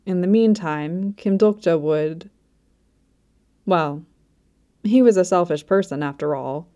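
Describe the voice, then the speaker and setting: Slow, mellow woman narrator. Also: fairly low pitch, highs cut off. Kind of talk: scripted narration.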